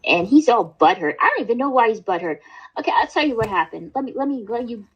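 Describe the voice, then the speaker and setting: A woman's voice: on the high side, expressive, quick pace, slightly rough, dull audio. A woman hosting a casual livestream chat, rambling and swearing, with lots of fillers and restarts. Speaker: livestream host.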